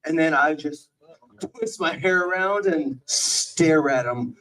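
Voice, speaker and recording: A man's voice: fairly high pitch, slow pace, pushed and bright, recorded from a distance, rough recording. A man pulled up from the audience, telling a short joke in an offhand, reluctant way. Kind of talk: short stand-up bit.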